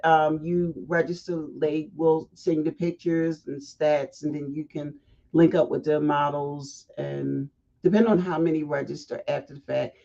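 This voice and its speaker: A woman hosting a casual livestream, chatty and animated, breaking off into asides. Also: deep voice, moderate pace, vocal fry. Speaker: fashion week organizer hosting a livestream. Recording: dull lo-fi livestream audio.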